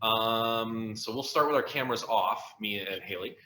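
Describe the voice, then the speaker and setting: A man's voice: fairly low pitch, moderate pace, pushed and bright, reverberant, slight background noise. A man hosting and explaining an improv game in a loose, upbeat way. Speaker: host. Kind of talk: video-call game explanation.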